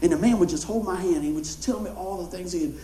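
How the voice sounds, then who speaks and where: A male pastor, telling a story in a sermon in an animated, conversational way. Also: sits high, quick pace, a little hiss or hum. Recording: roomy hall echo.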